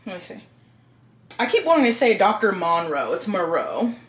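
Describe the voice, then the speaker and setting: A woman's voice: medium pitch, moderate pace. Blunt book-vlogging woman in an echoey room. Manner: blunt and expressive, swears casually. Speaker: book reviewer. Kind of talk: casual review chat.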